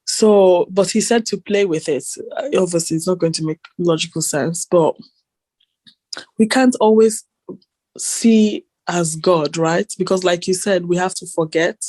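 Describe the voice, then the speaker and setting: A woman's voice: fairly low pitch, a little slow, mellow, no echo. A woman co-hosting a casual chat, giggly and hesitant, often searching for her words. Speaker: podcast co-host.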